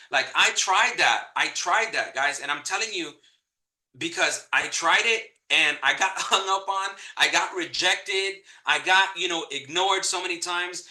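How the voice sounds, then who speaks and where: Energetic male trainer, tense bright tone, echoey room. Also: high-pitched, measured pace. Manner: energetic, repeats key points for emphasis. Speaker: real estate trainer. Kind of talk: live online training talk.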